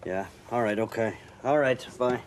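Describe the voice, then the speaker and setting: An actor playing a blustering, hot-tempered husband and father in a TV soap, talking with emphatic, lively delivery. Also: medium pitch, normal speed, natural voice. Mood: reassuring. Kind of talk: TV soap acting.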